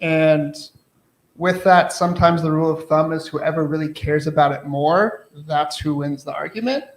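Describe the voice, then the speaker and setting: A man's voice: on the high side, normal speed. A man talking thoughtfully on a panel about his work, with loose phrasing. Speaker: printmaker, panel guest. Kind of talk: casual panel talk. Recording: echoey room.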